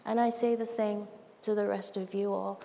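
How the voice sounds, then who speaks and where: A woman's voice: mid-range voice, moderate pace, creaky. Heartfelt woman speaking in a reverberant hall. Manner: heartfelt, animated storytelling with quoted dialogue. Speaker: speaker at a live event. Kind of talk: heartfelt public talk. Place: large event stage. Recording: long hall reverb, faint noise.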